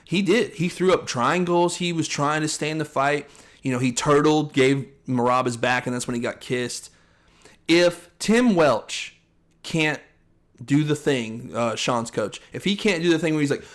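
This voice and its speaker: A young man co-hosting a casual chat show. He talks quickly and with firm opinions, often slipping into quick impressions of what coaches said. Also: fairly high pitch. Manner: fast, opinionated, acts out coaches' lines in quotes. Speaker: podcast co-host.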